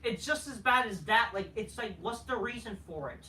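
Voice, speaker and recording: A woman's voice: fairly high pitch, expressive, normal speed, bright, forceful tone, a little hiss or hum. A woman hosting a wrestling show review, ranting in a crude, sarcastic, heated way. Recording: echoey room, far from mic.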